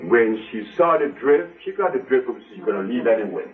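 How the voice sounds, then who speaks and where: A man's voice: mid-range voice, expressive, fairly quick, few pauses, phone-quality sound. An older man giving an impassioned speech to a live audience, emphatic and repeating phrases for stress. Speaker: speaker to an audience. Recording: distant mic with faint music.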